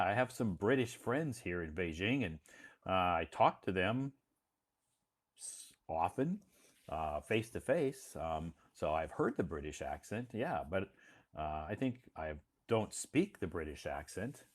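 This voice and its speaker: A man from the United States hosting a casual live stream, speaking slowly and patiently and repeating words for learners. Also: deep voice, very animated, husky. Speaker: live stream host and English teacher. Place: home in Beijing.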